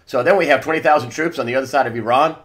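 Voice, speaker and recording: A man hosting an interview, talking in a halting way with many restarts and confirming questions. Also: mid-range voice, a bit bright. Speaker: interview host.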